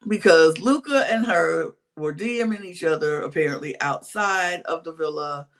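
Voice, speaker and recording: A man with a slightly raised pitch tells reality-show gossip as a podcast co-host. He talks in an animated, chatty way and drops into casual slang. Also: normal speed. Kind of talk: casual reality-TV recap chat.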